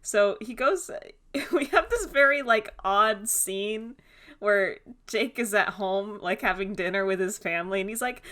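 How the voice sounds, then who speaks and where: A woman's voice: mid-range voice, unhurried, a bit bright. A woman co-hosting a podcast in casual chat, retelling cartoon scenes and laughing often. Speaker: podcast co-host.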